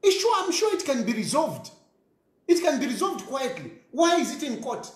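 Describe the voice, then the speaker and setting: A man with a Zambian accent giving an animated social media rant, scolding and mixing English with a local language. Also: extremely high pitch, normal speed, echoey room.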